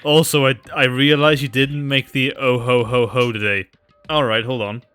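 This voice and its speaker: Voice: medium pitch, level tone, moderate pace, a bit bright, clear, resonant tone, dry recording, soft background music. A co-streamer chatting casually during a game stream, teasing and laughing easily.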